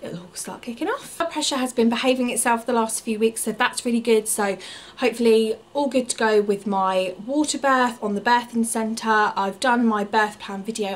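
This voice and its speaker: Chatty woman vlogging. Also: mid-range voice. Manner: candid, chatty, with frequent ums and likes. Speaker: family vlogger. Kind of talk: casual vlog update.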